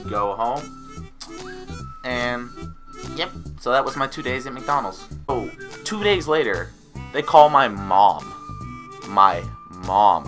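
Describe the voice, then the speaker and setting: A young man casually telling an animated story about a bad job, acting out the people he quotes. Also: lowish voice. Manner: animated, acts out voices of coworkers. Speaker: vlogger.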